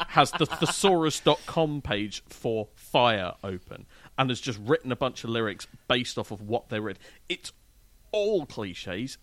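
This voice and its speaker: A man's voice: medium pitch, a bit bright, no room sound. A man chatting casually as a podcast co-host, sardonic and jokey as he critiques music. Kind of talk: casual chat.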